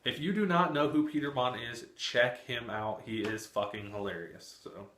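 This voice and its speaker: Young man, twenties, loose talkative vlogger, bright tone, roomy echo. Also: medium pitch, normal speed. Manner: chatty, frequent cursing and laughter. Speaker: book vlogger. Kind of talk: casual chat. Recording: echoey room.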